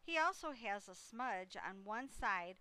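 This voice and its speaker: Slow, bright-voiced woman reading a storybook. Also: mid-range voice, lively intonation, smooth, rough recording. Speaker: reader. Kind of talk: storybook read-aloud.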